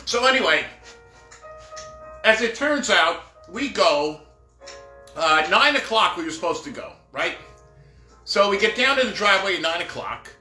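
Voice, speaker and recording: A professional Santa, a middle-aged man, tells stories at a measured pace, using long pauses and a high, sharp, sing-song voice. His casual, rambling monologue includes jokey asides and dialogue he acts out. Faint music sits under a roomy echo.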